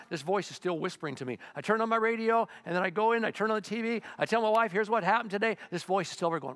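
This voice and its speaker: An older man preaching a sermon as pastor, in a conversational way with sudden loud, excited bursts. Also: high-pitched, racing, hardly any pauses.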